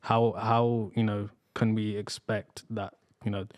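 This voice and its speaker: A man's voice: on the low side, level tone, unhurried, no echo. A young man co-hosting a podcast, talking casually and hesitantly with many fillers. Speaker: podcast co-host. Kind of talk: casual chat.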